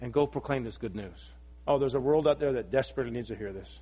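A man preaching a sermon as pastor, earnest and emphatic, rising in force and then dropping to soft appeals, in a church. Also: mid-range voice, fast talker, slightly rough, lo-fi sound. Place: church sanctuary. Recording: long reverb of a large hall.

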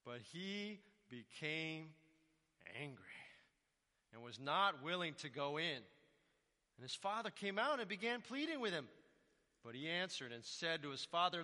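A man's voice: fairly high pitch, sing-song, measured pace, bright, forceful tone, big-room sound. A male pastor preaching a sermon in a conversational way, putting rhetorical questions to the congregation.

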